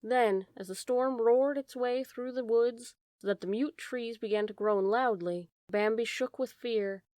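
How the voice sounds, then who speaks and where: A woman narrating a storybook in a calm, measured way. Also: fairly high pitch, no echo. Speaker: audiobook narrator. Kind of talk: storybook reading.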